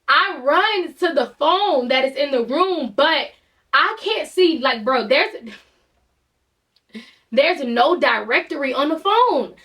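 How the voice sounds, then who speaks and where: A young woman vlogger, telling a story in animated, exasperated casual chat. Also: sits high, far from the mic.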